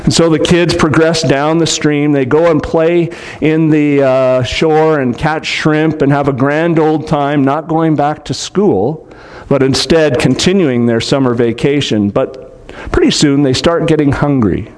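Man, somewhat high voice, storybook reading, gentle asides for kids. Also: fairly even intonation, unhurried. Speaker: storyteller for children. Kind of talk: reading a storybook aloud to children.

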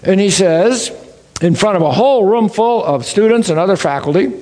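A man's voice: high-pitched, unhurried, slight background noise. A man giving a sermon-style lecture, telling folksy stories and exclaiming in wonder. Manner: folksy storytelling, animated and exclaiming. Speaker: creation science speaker.

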